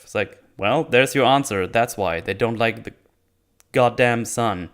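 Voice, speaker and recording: A man's voice: mid-range voice, measured pace, fairly bright tone. A man giving casual spoken commentary as a reviewer, sarcastic and rambling, often breaking into laughter. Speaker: video reviewer.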